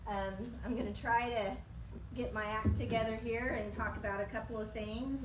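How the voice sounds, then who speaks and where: A woman talks casually on a work livestream, laughing easily and leaning on fillers. Her voice sits a little high and comes from well off the microphone in a roomy space. A steady noise runs underneath. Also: a little fast. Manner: giggly, chatty, many fillers. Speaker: HR director. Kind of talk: casual company livestream talk. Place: office room with coworkers. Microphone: distant device mic. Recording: roomy distant sound with background noise.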